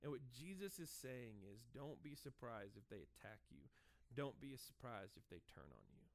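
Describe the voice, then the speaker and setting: A man in his thirties preaching a sermon in a conversational, animated way, acting out short dialogues as he goes. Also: medium pitch, moderate pace, creaky. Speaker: pastor.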